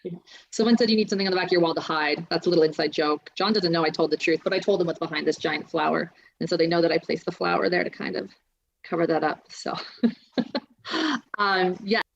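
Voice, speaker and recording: Woman livestream host, gravelly low voice, rambling chat, lo-fi audio. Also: fairly quick. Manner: chatty, rambling. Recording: dull lo-fi stream audio.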